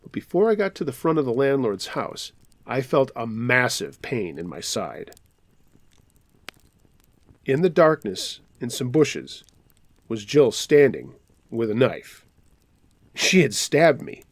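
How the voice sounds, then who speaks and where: Male horror-story narrator, mid pitch, dry close-mic read, deliberate pacing. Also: big pitch swings, dry recording. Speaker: narrator reading listener stories.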